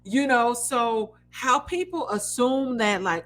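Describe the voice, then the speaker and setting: A young woman on a podcast with a bright, somewhat high voice. She speaks bluntly and openly, letting her thoughts run long through fillers and restarts. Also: expressive, slight background noise, rough recording. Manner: candid, blunt, drawn-out storytelling with fillers. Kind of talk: casual chat.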